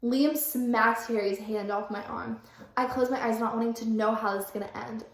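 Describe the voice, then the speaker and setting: A young woman vlogger, giggly and full of fillers, casually reading aloud and retelling a story. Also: fairly high pitch. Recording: echoey room.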